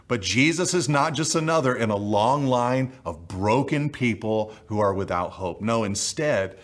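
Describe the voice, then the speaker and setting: A man's voice: medium pitch, a bit bright. A man preaching a sermon, earnest and emphatic, repeating key phrases for weight. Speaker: pastor.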